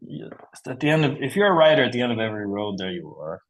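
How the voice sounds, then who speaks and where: A man in his forties, a comic book writer talking as a guest in a casual interview, rambling and animated, swearing freely and laughing often. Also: medium pitch, fast talker, a crowd in the background. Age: 40s.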